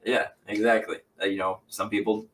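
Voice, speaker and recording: A man's voice: on the low side, flat delivery, normal speed, a bit bright. A man, a guest band member, chatting casually and agreeably in an interview.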